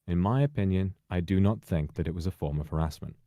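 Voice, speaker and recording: A man reading a prepared public statement in a measured, formal, carefully worded way. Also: sits low, mellow, dry recording, studio quality. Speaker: person giving a public statement.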